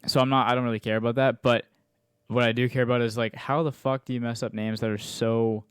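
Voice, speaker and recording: A man's voice: medium pitch, little pitch movement, fast talker, clear, resonant tone, no room sound, clean studio sound. A young man hosting a podcast, easygoing and chatty as he leads the questions. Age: young adult. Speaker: podcast host. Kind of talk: casual chat.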